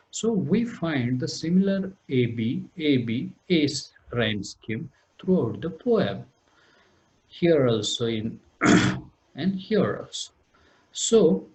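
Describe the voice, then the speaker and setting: Male lecturer, slow and sing-song delivery, repeats terms, reads verse lines slowly. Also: medium pitch, a little mellow, muffled recording. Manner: explains step by step, repeats terms, clears throat. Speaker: teacher. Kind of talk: recorded poetry lecture.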